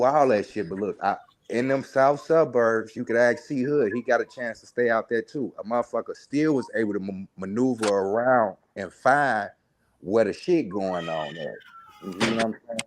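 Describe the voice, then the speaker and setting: A man's voice: lowish voice, moderate pace. Candid rambling man, slangy talk. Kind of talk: casual chat.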